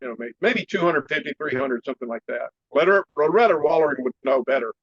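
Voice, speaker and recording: Man, storytelling interview guest, lively and laughing, fairly high voice, dry muffled recording. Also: quick pace, a crowd in the background. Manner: animated storyteller, laughs often, clears throat. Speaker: martial arts teacher, interview guest.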